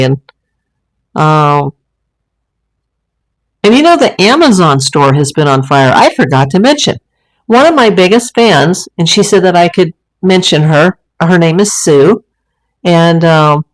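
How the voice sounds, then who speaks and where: Lady doing a casual home livestream, lowish voice, chatty and rambly with lots of ums. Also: poor audio. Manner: rambling and chatty, with many fillers. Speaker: livestream host. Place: home room with a green screen and ring light.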